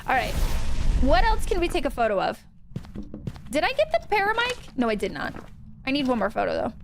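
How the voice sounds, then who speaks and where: A woman's voice: high voice, huge pitch swings, a little fast, creaky, a little hiss or hum. A woman streaming a ghost-hunting game, chatting playfully with her viewers. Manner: chatty, thanks chat, playful slang. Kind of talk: chatty gameplay livestream.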